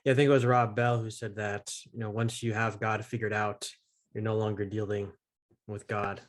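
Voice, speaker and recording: A man's voice: on the low side, flat delivery, moderate pace. Male podcast host, casual and affirming, conversational setup of questions. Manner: affirming, frequent backchannels, friendly reading aloud. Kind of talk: casual interview hosting.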